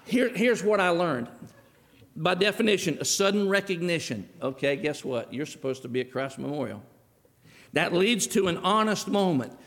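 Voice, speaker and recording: Middle-aged man, pastor, folksy storyteller at the pulpit, voice a bit high, long church-hall reverb. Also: lively intonation, unhurried, a bit bright. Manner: folksy storytelling, acts out dialogue. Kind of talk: sermon.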